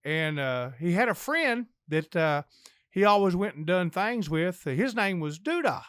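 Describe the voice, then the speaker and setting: A man's voice: high voice, sing-song, measured pace, fairly bright tone, smooth, dry recording, studio quality. Older man telling folksy jokes. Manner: rambling, folksy storyteller. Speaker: podcast guest.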